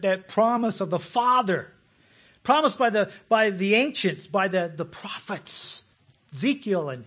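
A man preaching a sermon, folksy and animated, with repeated words and frequent chuckles. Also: sits high, breathy edge.

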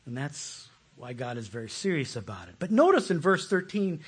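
A pastor, a man preaching a passionate sermon that swings between loud pleas and hushed, soft asides. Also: fairly high pitch, sing-song, moderate pace, hardly any pauses, breathy edge.

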